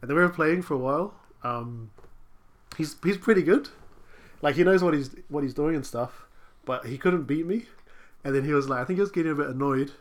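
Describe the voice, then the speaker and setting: A relaxed man spins a casual anecdote. He stops often on ums while he tries to remember the details. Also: on the high side, brisk. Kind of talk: casual chat.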